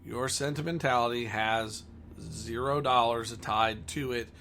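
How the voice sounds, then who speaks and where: A man's voice: medium pitch, steady tone, a little slow, sharp tone, a little hiss or hum. A man who owns a comic store, talking bluntly and combatively in a ranting monologue.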